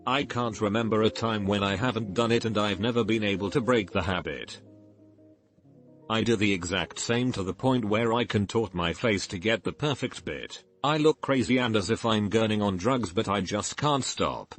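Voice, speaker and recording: A man narrating a series of online posts in an even, read-aloud delivery. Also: fairly low pitch, moderate pace, faint music behind. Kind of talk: scripted narration.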